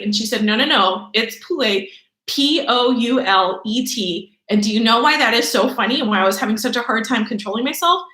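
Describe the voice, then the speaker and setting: Lively, bright-voiced woman teacher. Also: on the high side, reverberant, poor audio. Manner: animated, chatty, playful. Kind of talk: remote lesson for kids. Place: room at home.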